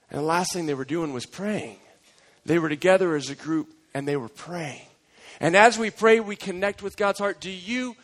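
A man preaching a sermon as pastor, energetic and emphatic, with playful storytelling. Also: high voice, poor audio.

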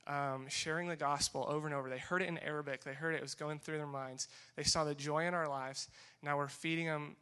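A young man giving a testimony talk to a group, animated and acting out the dialogue as he tells the story. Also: on the high side. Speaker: speaker sharing a mission trip story.

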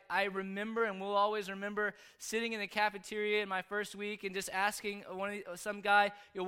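A man delivers a sermon through personal testimony, speaking in an earnest, confessional way. His voice sits high for a man and rings bright and very clear. He tells his story openly, as if to a familiar congregation.

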